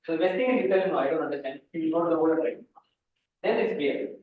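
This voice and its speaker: A man's voice: on the high side, expressive, very fast. A man giving a mathematics lecture at a conference, rambling with restarts and asides to the students. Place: lecture hall. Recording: echoey hall, far mic, phone-like band.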